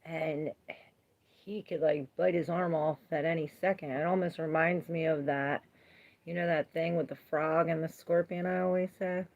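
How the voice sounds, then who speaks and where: A woman's voice: low voice, steady tone, moderate pace, vocal fry, phone-quality sound. A woman giving a casual livestream tarot reading, chatty and laughing often as she greets viewers and answers their comments. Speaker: tarot reader.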